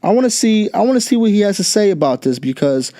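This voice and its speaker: A man's voice: high-pitched, very animated, fast talker, dark tone. A young man hosting a podcast, ranting bluntly and profanely in casual talk. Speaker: podcast host. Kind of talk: casual political rant.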